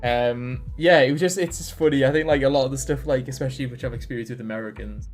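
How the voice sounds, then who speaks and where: A man's voice: mid-range voice, fast talker, faint music behind. Northeastern English man telling anecdotes. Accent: North East England. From North East England. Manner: animated anecdote-telling, laughs while talking. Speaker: podcast co-host. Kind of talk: casual storytelling chat.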